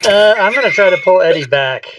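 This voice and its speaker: A man in a tabletop game session throws out crude, joking banter. His voice sits somewhat high, and it comes from a little away from the mic in a dry recording. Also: expressive, brisk, fairly bright tone, dry recording, recorded from a distance, poor audio. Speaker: player.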